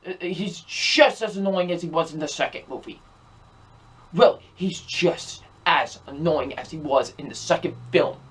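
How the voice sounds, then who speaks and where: A man's voice: on the high side, a little slow, fairly bright tone, breathy edge. A young man giving a ranting, repetitive movie review, sounding exasperated as he keeps circling back to the same complaints. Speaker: film reviewer.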